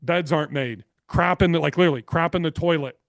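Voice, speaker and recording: A man's voice: on the high side, quick pace, no room sound. Guy on a podcast telling stories, blunt, swears a lot, dry close sound. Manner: energetic, blunt, swears freely. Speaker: podcast guest, real estate investor. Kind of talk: casual interview storytelling.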